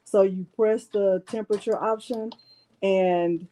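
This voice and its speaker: A woman's voice: mid-range voice, steady tone, unhurried, warm tone. A woman hosting a casual crafting livestream, chatting to viewers as she walks through a machine's controls. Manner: chatty, addresses viewers as y'all. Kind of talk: casual live demo chat.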